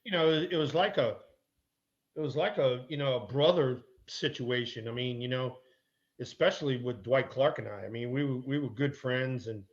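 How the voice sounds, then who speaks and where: A middle-aged man, a former ballplayer and guest, telling an animated anecdote with mild swearing. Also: medium pitch, normal speed, dull audio. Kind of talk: casual chat, storytelling.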